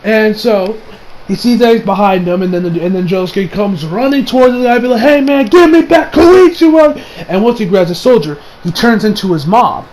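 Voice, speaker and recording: A man's voice: high voice, brisk, darkish tone, slight background noise, poor audio. A man recapping an anime episode in a casual, rambling way, swearing and correcting himself as he goes. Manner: rambling, profane, self-correcting. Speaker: anime reviewer.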